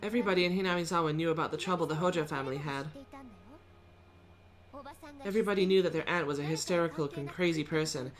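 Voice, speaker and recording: A woman streamer reading a visual novel's narration aloud in a subdued, measured way. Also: sits low.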